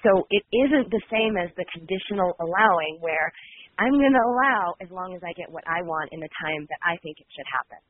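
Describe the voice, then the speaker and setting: A woman's voice: fairly low pitch, animated, fairly quick. Woman w a stuffy nasal cold voice, earnest flowing talk, tinny phone-line sound. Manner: flowing, earnest, with many um's. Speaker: guest, healer. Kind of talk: reflective conversational talk. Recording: phone-like call audio.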